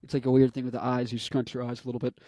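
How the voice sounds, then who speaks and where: A man's voice: medium pitch, monotone, very fast, dark tone, no room sound, studio quality. A man in his twenties giving casual, rambling commentary with goofy asides and self-promotion. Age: 20s. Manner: goofy, jumps between topics and bits. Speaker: vlogger and rock musician.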